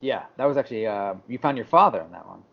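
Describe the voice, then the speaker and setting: Vocal fry colors this podcast co-host's mid-range voice, which moves at a quick pace. He tells a story in casual chat, acting out quotes with animation, on slightly dull lo-fi audio.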